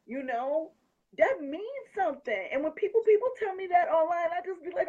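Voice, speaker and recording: A woman's voice: sits high, sing-song, moderate pace, warm tone, muffled recording. A woman hosting a casual talk, effusive and often laughing as she gushes. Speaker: host. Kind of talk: excited casual chat.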